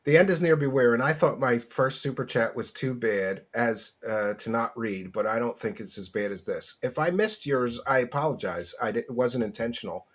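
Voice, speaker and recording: A man's voice: mid-range voice, moderate pace, few pauses. A man hosting a casual livestream chat, reading viewer messages aloud and laughing often. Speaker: host.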